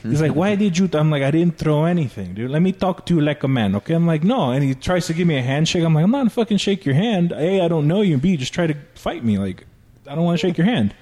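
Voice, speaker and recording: A man telling a long story in casual chat, profane and animated, acting out quotes. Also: a little high, fast talker.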